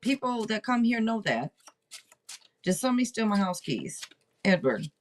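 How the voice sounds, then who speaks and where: A woman hosts a casual tarot-reading livestream, speaking to viewers directly in a playful, teasing way. Her medium-pitched voice is very animated at normal speed, with a little hiss or hum in the audio.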